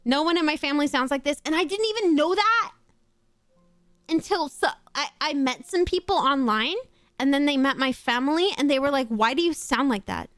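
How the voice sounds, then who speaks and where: A woman's voice: sits high, a little fast, fairly bright tone, no echo. A young woman from Australia streaming a game, chatting in a rambling way and reading chat aloud, with casual swearing and frequent laughs. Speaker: VTuber streamer. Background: faint background music.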